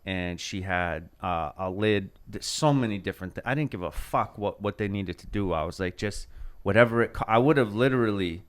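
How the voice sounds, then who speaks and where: A man in his thirties with a low, smooth, resonant voice talks in casual podcast chat. He rambles through a heartfelt story and swears freely as he goes. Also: animated, fairly quick, hardly any pauses. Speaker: podcast host.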